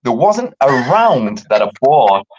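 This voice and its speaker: An animated man tells a story in casual chat, swearing freely and mimicking others with leaps in pitch. His voice swings widely from low to high. The stream audio is dull and lo-fi. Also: slow pace, a little hiss or hum. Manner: animated, swearing, acts out quotes with big pitch jumps. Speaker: podcast host.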